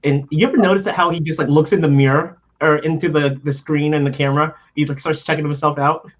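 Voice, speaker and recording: Brief: male co-host, husky, easygoing teaser, muffled lo-fi sound. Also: on the high side, steady tone, fast. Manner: laid-back, teasing, many "like" fillers. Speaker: podcast co-host. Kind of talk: casual chat. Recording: dull husky audio.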